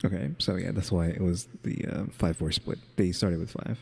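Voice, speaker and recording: Low, gravelly man musing aloud. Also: steady tone, moderate pace, big-room sound. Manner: muses aloud, says "question mark" out loud. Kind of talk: casual chat.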